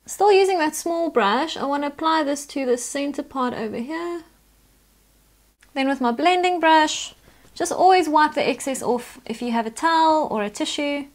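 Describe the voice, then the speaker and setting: High-voiced woman explaining makeup. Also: normal speed. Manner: chatty, instructive, talks through each step. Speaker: makeup tutorial host. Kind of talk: step-by-step makeup tutorial narration.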